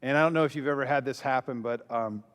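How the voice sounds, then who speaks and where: This pastor's voice is medium in pitch, slightly bright, and quick-paced as he relates a lively story before a conference crowd, voicing the quoted lines himself. The large hall gives the audio a long reverb.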